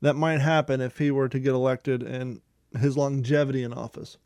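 A man's voice: medium pitch, flat delivery, moderate pace, darkish tone, no room sound, studio quality. A middle-aged man from Ohio, co-hosting a podcast in casual, rambling, digressive chat with some profanity. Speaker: podcast co-host.

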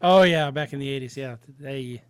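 A man's voice: medium pitch, brisk, clear, resonant tone, dry recording. A man co-hosting a casual chat, tossing in wry, teasing asides.

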